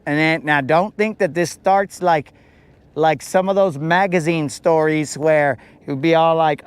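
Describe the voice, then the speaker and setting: A man's voice: on the high side, steady tone, a little slow, clear, resonant tone. A man hosting a podcast, telling a story in a casual, slangy, laid-back way. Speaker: podcast host.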